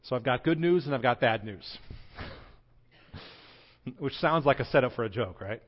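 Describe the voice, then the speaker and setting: Male pastor, mid-pitched, conversational and joking, sermon in church, dull lo-fi sound. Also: animated, a little slow.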